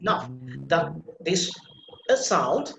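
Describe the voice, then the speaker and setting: A man's voice: a little high, animated, moderate pace, echoey room, soft background music, poor audio. A man teaching a pronunciation class on a video call, explaining patiently with many fillers and repetitions.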